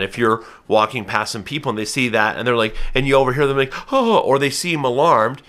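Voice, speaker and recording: Bright-voiced man explaining earnestly. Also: mid-range voice. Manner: earnest, cautious explaining with everyday examples. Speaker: falconer and channel host. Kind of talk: casual educational talk to camera.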